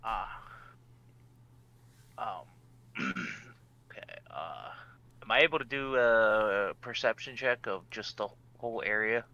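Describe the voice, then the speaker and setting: A man's voice: fairly low pitch, takes it slowly, long pauses, pushed and bright, highs cut off, a little hiss or hum. A man playing in a tabletop game, talking hesitantly and tripping over his words. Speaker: player. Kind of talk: casual tabletop play.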